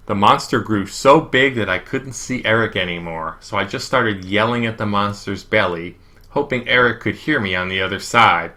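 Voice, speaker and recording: Bright-voiced man narrating a storybook. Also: lowish voice, moderate pace. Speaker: audiobook reader. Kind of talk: first-person storybook narration.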